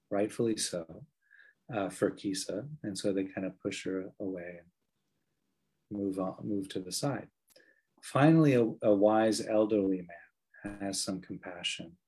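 Husky-voiced male meditation teacher. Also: fairly low pitch, a little mellow, low-quality recording. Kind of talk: meditation talk with storytelling.

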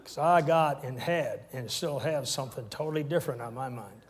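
A man's voice: medium pitch, fairly quick. A man in his sixties preaching a sermon with call-and-response and humorous asides. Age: 60s. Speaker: pastor.

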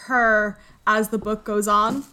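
A woman's voice: medium pitch, flat delivery, slow, bright, forceful tone, clear, resonant tone. A woman co-hosting a podcast, casually retelling a book's plot and acting out the characters' lines. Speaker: podcast co-host. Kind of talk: casual book discussion.

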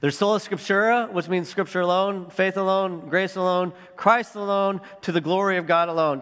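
A pastor gives his sermon in a loose, conversational way, thinking out loud and padding his points with fillers. His voice sits high for a man. The sound carries a long reverb, as if from a church hall. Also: moderate pace, hardly any pauses, smooth.

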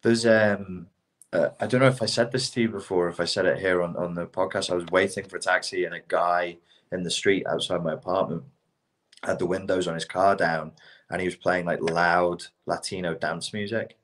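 A middle-aged British man co-hosting a casual podcast, talking in an animated, ranting way and swearing freely. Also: sits low, moderate pace. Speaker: podcast co-host.

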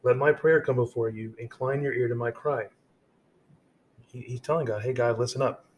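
A man's voice: medium pitch, fairly even intonation, moderate pace, dull audio. A man hosting a devotional podcast, reading scripture aloud and then explaining it in a casual way with frequent restarts. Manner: reads verses aloud, then paraphrases them in casual speech with many restarts. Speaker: podcast host.

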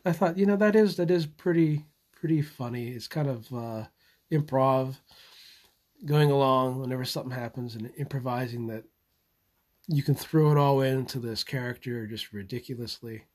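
Halting man talking live to his channel. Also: medium pitch, a little mellow. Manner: halting, repeats words, chuckles often. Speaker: channel host. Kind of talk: casual live monologue.

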